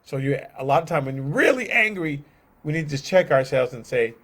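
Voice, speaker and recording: A man teaching a casual bible study, conversational and animated, often acting out the people in the story. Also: on the high side, a little fast. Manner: animated, acts out scenes, conversational.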